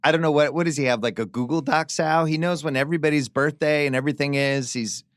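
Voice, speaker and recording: A man's voice: a little high, fairly even intonation, quick pace, no echo. A middle-aged man hosting a podcast, telling anecdotes in casual chat with dry, wry humor. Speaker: podcast host.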